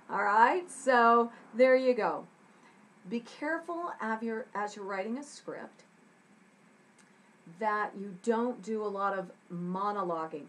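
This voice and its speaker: A woman's voice: medium pitch, measured pace, a little hiss or hum, rough recording. A woman teaching a scriptwriting lesson to young students. She acts out short example lines in different voices and checks in often with "okay?".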